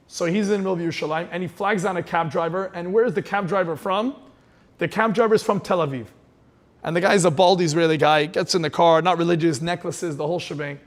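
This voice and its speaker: A man's voice: high voice, steady tone, quick pace. A man giving an inspirational sermon as a rabbi, telling stories with passion and sprinkling in Hebrew terms.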